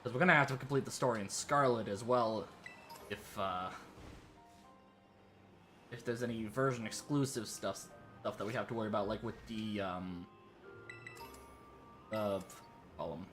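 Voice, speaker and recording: A man's voice: on the low side, normal speed, long pauses, fairly bright tone, faint music behind. A tired man streaming a game, rambling with lots of fillers and restarts, drifting into a put-on British-sounding accent. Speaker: livestreaming gamer. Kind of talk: casual gameplay commentary.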